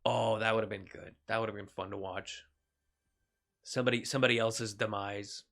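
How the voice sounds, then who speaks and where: In laid-back commentary on a shooter game he's streaming, a man swears freely, laughs frequently and yelps with excitement whenever the tide shifts. His voice is on the low side, at a moderate pace.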